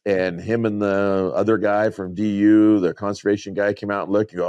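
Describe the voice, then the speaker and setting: A man with a very low voice tells rambling stories in a relaxed podcast chat. He often quotes other people and lets out small chuckles. The sound is dry and close. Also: a little fast, hardly any pauses, no room sound. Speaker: podcast co-host, rancher.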